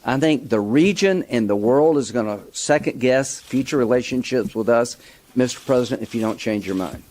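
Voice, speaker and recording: A man delivering a forceful political speech, building from measured points to emphatic outrage. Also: mid-range voice. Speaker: lawmaker giving a speech.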